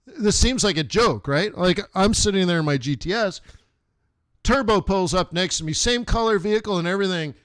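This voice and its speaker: A man's voice: sits high, animated, a little fast, fairly bright tone, dry recording, clean studio sound. A man hosting a live trading stream, chatting casually and rambling through anecdotes. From United States. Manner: rambling storyteller, laughs at his own anecdotes. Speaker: forex trading stream host.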